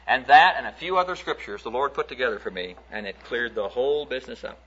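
A man's voice: mid-range voice, expressive, fast talker, hardly any pauses, fairly bright tone, husky. A man preaching a sermon through folksy, conversational storytelling, acting out the stories he tells. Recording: dull lo-fi recording.

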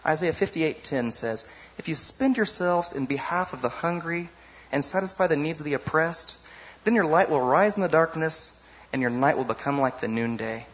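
A man preaching a sermon in a lively, conversational way, often asking the audience "you know?". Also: on the high side, normal speed, lo-fi sound.

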